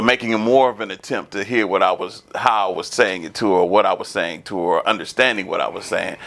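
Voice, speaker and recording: A man hosting a casual panel discussion, animated and laughing often as he talks. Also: mid-range voice, creaky. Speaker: podcast host.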